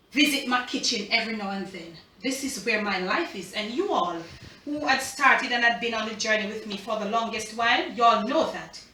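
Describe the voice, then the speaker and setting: A middle-aged Jamaican woman talks straight to her viewers in a casual cooking vlog, chatty and emphatic. Her voice sits fairly high and bright. She is recorded in a roomy, echoey home kitchen, a bit back from the mic. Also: distant mic. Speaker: cooking channel host.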